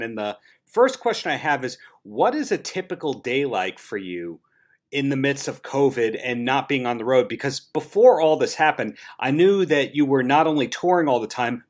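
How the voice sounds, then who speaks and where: A man hosting a podcast, asking questions in an eager, fan-like way over a video call. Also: medium pitch. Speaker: podcast host. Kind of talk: casual interview chat.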